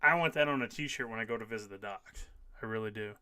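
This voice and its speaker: Emphatic man in his fifties, bright voice. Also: lowish voice, fast talker, smooth, no room sound. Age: 50s. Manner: emphatic, repeats key phrases. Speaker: live stream host. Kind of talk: casual live stream, reading out viewer comments.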